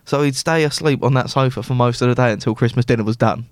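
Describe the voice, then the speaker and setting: Man, mid-range voice, animated anecdote-teller, dry close recording. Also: mid-range voice, fast talker, dry recording. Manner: animated storyteller who acts out quoted dialogue. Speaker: podcast co-host. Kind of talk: casual chat.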